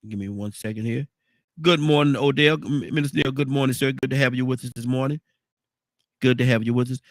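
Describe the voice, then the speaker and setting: Congested baritone man hosting a talk show. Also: fairly even intonation, a little fast, no room sound. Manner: rambling, repeats words and restarts often. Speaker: radio show host. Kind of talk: casual morning talk show.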